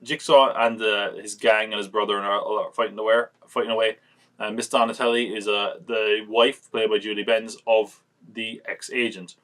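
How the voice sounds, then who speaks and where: A man's voice: on the low side, level tone, moderate pace, fairly bright tone. Rambling man reviewing films. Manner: rambling, acts out quotes in retelling. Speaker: podcast host. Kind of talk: casual film review chat.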